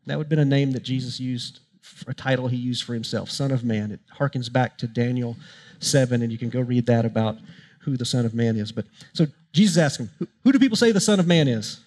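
A man's voice: medium pitch, fairly even intonation, brisk, darkish tone. A man preaching a sermon as pastor, impassioned and emphatic, building to strong peaks.

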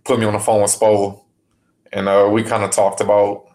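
A man speaking as a guest in a casual podcast interview, relaxed, with many fillers and restarts. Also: fairly low pitch, normal speed. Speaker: basketball player guest.

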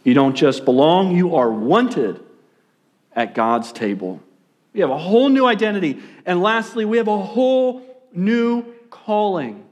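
Man, young adult, pastor, preaching, animated, swings loud and quiet, slightly high voice. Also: a little slow. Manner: animated, swings between loud emphasis and hushed asides. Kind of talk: sermon.

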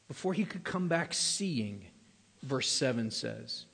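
A man's voice: a little high, animated, slow, vocal fry, slightly rough. A man preaching a sermon as a pastor, conversational and emphatic, repeating key phrases and sometimes stumbling over his words. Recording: long hall reverb.

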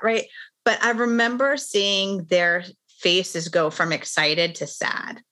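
Bright-voiced woman telling her story. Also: lowish voice. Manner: earnest, candid storyteller. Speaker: podcast guest, author. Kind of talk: personal storytelling in interview.

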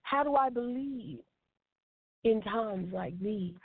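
A woman's voice: a little high, slow, gravelly, breathy edge, no room sound. A woman preaching a devotional sermon in an earnest, repeating cadence. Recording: tinny phone-line sound, dry.

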